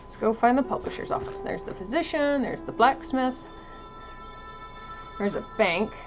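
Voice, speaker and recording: A woman's voice: on the high side, lively intonation, moderate pace, music in the background. A woman streamer giving casual let's-play commentary, chatting and reading on-screen text aloud. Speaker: video game streamer.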